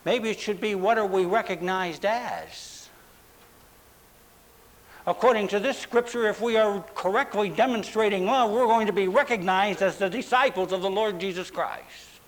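A man preaching a sermon, stressing words with drawn-out pauses and dramatic emphasis. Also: high voice, poor audio. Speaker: pastor.

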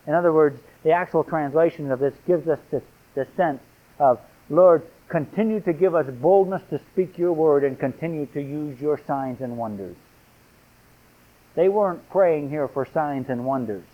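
A man preaching a sermon in a fairly high voice, reading scripture with rising emphasis. The sound is thin and tinny, like it comes over a phone line. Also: normal speed.

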